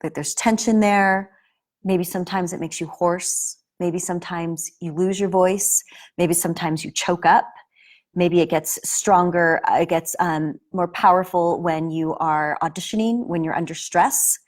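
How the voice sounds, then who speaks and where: A woman's voice: fairly low pitch, fairly even intonation, a little slow. A woman acting teacher giving a casual spoken lesson to camera, earnest and explanatory, often restarting her sentences.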